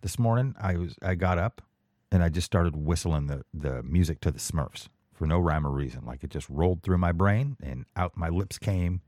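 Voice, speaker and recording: A man's voice: deep voice, normal speed, a little mellow, no echo, clean studio sound. A man in his forties hosting a podcast, talking in a rambling, self-deprecating monologue full of restarts. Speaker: podcast host. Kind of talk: casual monologue.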